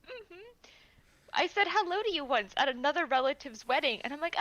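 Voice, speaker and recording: A young woman co-hosting a game stream, her voice high and bright with a lively, animated swing. She rambles casually with plenty of fillers, close to a dry mic. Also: a little fast, no room sound, low-quality recording. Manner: chatty, rambling with many fillers, reads game lines aloud.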